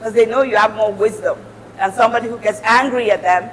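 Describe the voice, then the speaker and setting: A woman's voice: fairly high pitch, quick pace, a little hiss or hum. A middle-aged woman giving an earnest, encouraging motivational talk as a guest speaker. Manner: earnest, encouraging, warm advice. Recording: reverberant hall.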